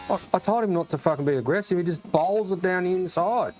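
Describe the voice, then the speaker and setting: A man with an Australian accent commentating casually as he plays a racing game, excitable, swearing often and calling everyone mate. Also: sits high, fast talker, few pauses, noisy background. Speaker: gaming streamer. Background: game music and engine sounds.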